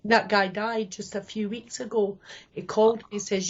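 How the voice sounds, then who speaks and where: A Scottish woman in her fifties, appearing as a guest, candidly tells her rambling life story and often quotes other people. Her mid-range voice is flat at a moderate pace, and the audio sounds dull.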